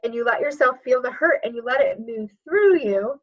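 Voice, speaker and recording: A woman's voice: on the high side, expressive, highs cut off. A woman coach as a podcast guest, reflective and chatty, with many fillers. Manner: reflective, speaks in quick bursts with many fillers like "like". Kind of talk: conversational interview.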